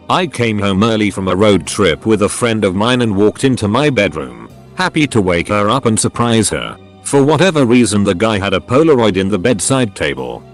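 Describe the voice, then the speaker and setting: Lively low-voiced man narrating stories. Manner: dry, conversational first-person retelling. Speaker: story narrator. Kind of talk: scripted story narration.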